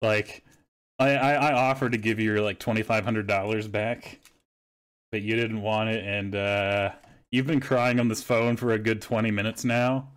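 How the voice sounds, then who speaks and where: A man's voice: on the low side, little pitch movement, moderate pace, fairly bright tone. A man hosting a podcast, telling stories in casual, profanity-laced chat. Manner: swears freely, storytelling. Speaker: podcast host.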